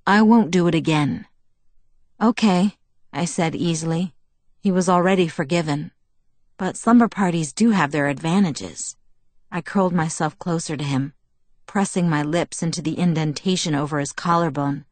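Female audiobook narrator, lowish voice, intimate first-person read, dry booth sound. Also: normal speed, dry recording. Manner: even, intimate storytelling.

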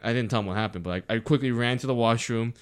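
A man co-hosting a podcast, telling a story in casual chat with halting restarts. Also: mid-range voice, clean tone. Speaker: podcast co-host.

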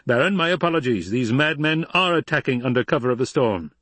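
Man voicing a scowling emperor, imperious, menacing, husky. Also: medium pitch, expressive, fairly quick, no room sound. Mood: furious. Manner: commanding, menacing, rising to shouts.

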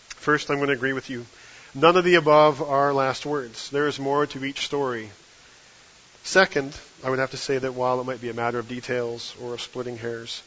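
A man preaching a sermon from the pulpit, with a measured delivery and emphatic stresses on key phrases. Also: mid-range voice, a bit bright, lo-fi sound. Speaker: guest preacher.

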